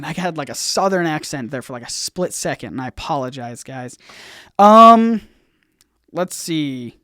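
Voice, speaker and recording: A man hosting a casual livestream Q&A, rambling and halting, full of fillers and restarts, with his volume bouncing up and down. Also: on the high side, sing-song, clear, resonant tone, no echo, clean studio sound. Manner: swings in loudness, bouncy. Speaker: YouTube channel host.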